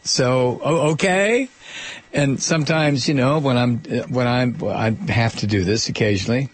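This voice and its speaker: A man's voice: mid-range voice, measured pace, husky. A man hosting a talk radio show, rambling and joking with lots of fillers and restarts. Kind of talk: casual talk radio monologue.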